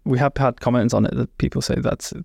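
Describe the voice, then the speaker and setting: Man, British accent, podcast banter, gravelly, argumentative. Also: medium pitch, steady tone, fast, warm tone, no echo, studio quality. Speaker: podcast co-host. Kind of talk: casual banter.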